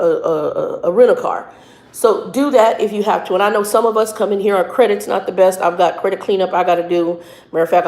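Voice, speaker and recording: A woman truck driver and minister giving casual, earnest advice, often halting and repeating words as she talks. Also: fairly low pitch, a little mellow. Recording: echoey room.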